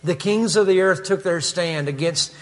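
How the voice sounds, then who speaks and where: Kentucky man, pastor, chatty sermon with asides, higher voice. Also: normal speed, big-room sound. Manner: conversational, with asides and frequent "uh". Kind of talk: expository sermon.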